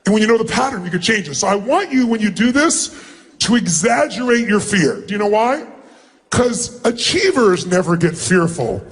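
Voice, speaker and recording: A middle-aged man as a motivational speaker, addressing a huge live seminar crowd in an emphatic, commanding way and often shouting instructions. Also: sits high, lively intonation, moderate pace, breathy edge. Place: large event hall with thousands of people.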